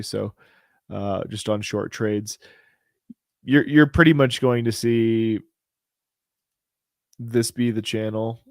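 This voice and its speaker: A man's voice: lowish voice, darkish tone, clear, resonant tone, no room sound, clean studio sound. A man hosting a casual crypto show, talking through price charts in a rambling, chatty way with lots of fillers and restarts. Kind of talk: casual live chart commentary.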